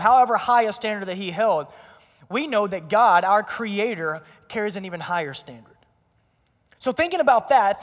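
A young man preaches in a church auditorium, telling stories with energy and acting out quotes. His voice sits high for a man. A long reverb from the large hall trails each phrase. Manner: energetic storytelling with acted quotes. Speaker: pastor. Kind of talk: sermon.

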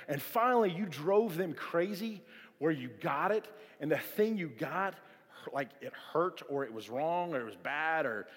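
A man preaching a casual, storytelling sermon as a pastor, often restarting his sentences. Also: a little high. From South Florida. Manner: storytelling, animated, frequent restarts. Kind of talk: sermon to a youth audience. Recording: long hall reverb.

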